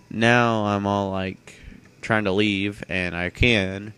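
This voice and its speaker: A young man talks through his video game run in loose, rambling commentary, full of fillers and shrugged-off asides. His voice sits on the low side and comes across smooth and clear. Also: steady tone, takes it slowly, fairly bright tone. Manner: rambling, filler-heavy, offhand. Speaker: gaming channel host.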